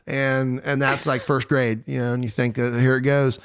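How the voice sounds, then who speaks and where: A podcast host in his thirties, medium-pitched with little pitch movement, speaks at a moderate pace in a smooth voice. The studio-quality recording has no echo. He tells a true-crime story in casual, jokey, self-deprecating chat, acting out quotes in goofy voices.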